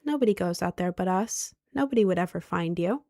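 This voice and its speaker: A woman putting on a creepy young man who whispers low and close, hushed and threatening in a whispered role-play. The voice carries a gravelly edge and sounds dry and close to the mic. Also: expressive, brisk, no echo. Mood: menacing whisper.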